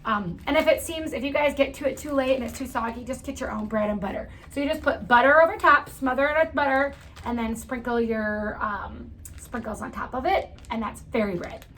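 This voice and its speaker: A woman's voice: a little high, fairly quick, fairly bright tone, a little hiss or hum. A woman giving a casual lesson to children, chatty with lots of fillers and asides. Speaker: teacher. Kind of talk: casual classroom lesson for kids.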